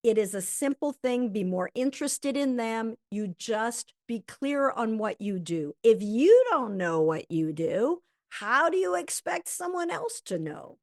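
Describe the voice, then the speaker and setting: A woman teaching a health coaching lesson who acts out sample conversations with lively energy. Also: fairly high pitch, a little slow, few pauses, no room sound, studio quality.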